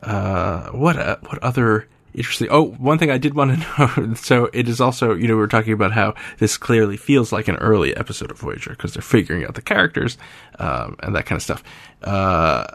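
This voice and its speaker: A man's voice: lowish voice, expressive, fairly quick, creaky, fairly bright tone, dry recording. A man hosting a podcast, chatting casually and rambling with frequent filler sounds. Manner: rambling, many uh fillers, wry. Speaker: podcast host.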